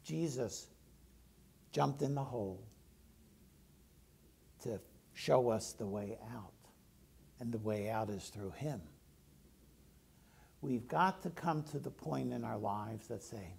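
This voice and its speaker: A man's voice: mid-range voice, takes it slowly, gravelly, long pauses, a little mellow, husky. A male pastor giving a conversational sermon, often putting questions to the congregation.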